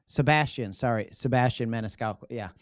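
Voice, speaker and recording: A man hosting a live stream on public speaking, teaching in an energetic, casual way and often checking in with "right?". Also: mid-range voice, fairly quick, no room sound, studio quality.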